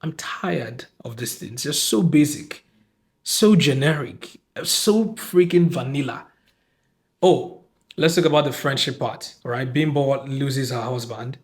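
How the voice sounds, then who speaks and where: A man's voice: mid-range voice, slow pace. A man with a Nigerian accent hosting a podcast, giving a casual, exasperated film review and acting out lines from the film. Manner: animated, exasperated, acts out quoted lines.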